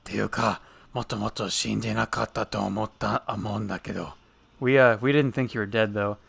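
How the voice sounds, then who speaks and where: A man's voice: on the low side, fairly even intonation, normal speed, gravelly, fairly bright tone, husky. A man live-streaming a game, reading its lines aloud in two languages and translating them in a casual, amused chat.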